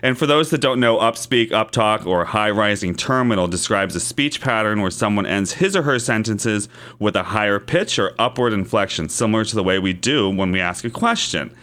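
Male podcast co-host, lowish voice, conversational, reads notes out steadily. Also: animated, normal speed, few pauses, a bit bright. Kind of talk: casual podcast chat.

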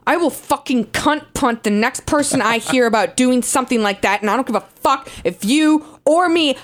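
A woman reading a profane, aggressive email aloud in a mocking, angry tone. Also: high voice. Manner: aggressive, mocking, lots of swearing.

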